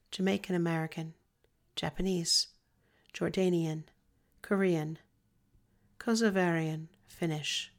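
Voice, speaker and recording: A woman reading an informational text in a scripted, even, list-like way. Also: low-pitched, vocal fry.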